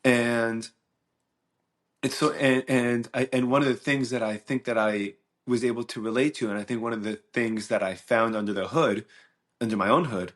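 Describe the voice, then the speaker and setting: A man hosting a solo podcast, talking earnestly and reflectively, searching for words with many restarts and fillers. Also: medium pitch. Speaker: podcast host. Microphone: mic and camera.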